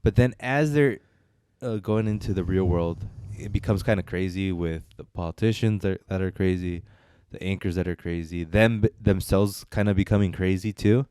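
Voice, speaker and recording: Deep-voiced man rambling about films. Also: moderate pace, few pauses, mellow, clean tone, no room sound, clean studio sound. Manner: rambling, hesitant, many fillers and restarts. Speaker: podcast co-host reviewing films. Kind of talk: casual chat.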